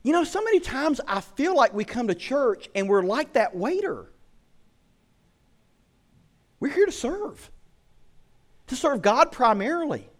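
A man's voice: very high voice, unhurried, pauses often. A man preaching a sermon as a pastor, telling stories with lots of rhetorical questions. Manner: animated storytelling with rhetorical questions.

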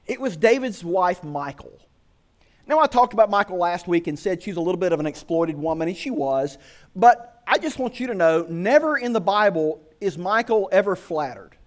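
A man preaching a sermon as a pastor, telling stories with lots of rhetorical questions. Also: sits high. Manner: animated storytelling with rhetorical questions.

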